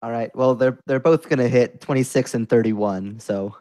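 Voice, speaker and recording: A man playing a tabletop game, calmly calling out rolls and damage. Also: mid-range voice, normal speed. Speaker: player. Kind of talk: tabletop play and dice calls.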